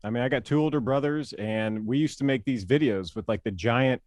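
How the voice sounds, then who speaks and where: A man being interviewed as a guest, telling stories in a playful, animated way with frequent laughs. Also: medium pitch, a little fast, no echo, studio quality. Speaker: guest, former pitcher and broadcaster. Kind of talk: casual interview storytelling.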